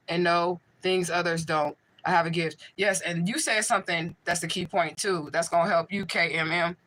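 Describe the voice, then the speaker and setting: A woman's voice: lowish voice, fairly bright tone, low-quality recording. A woman working as a spiritual medium, hosting a casual livestream and answering viewers' chat in a blunt, profane way.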